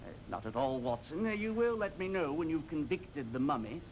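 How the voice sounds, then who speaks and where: A jovial upper-class surgeon, played by a man in a video game, cracking grim jokes. The voice is fairly high and bouncy. Clear hiss sits under the old recording. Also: expressive, a little fast, a little mellow, natural voice, low-quality recording. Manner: joking, pleased with his own wit.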